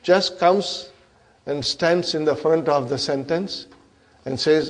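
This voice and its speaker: Teaching Arabic grammar slowly in a fairly high voice, this man, whose first language is Urdu, constantly quizzes the class. "Huh?" is his habitual way of checking in.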